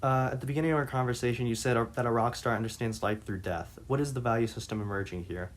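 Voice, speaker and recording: A man reading interview passages aloud and commenting on them, halting with frequent restarts and fillers. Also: mid-range voice. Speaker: reader and commentator.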